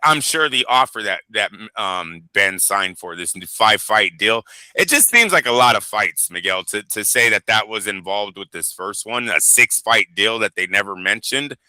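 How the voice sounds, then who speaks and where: A man hosting a boxing show, talking in a casual, animated and profane way and rambling from point to point. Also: fairly low pitch, moderate pace, no echo. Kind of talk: casual chat.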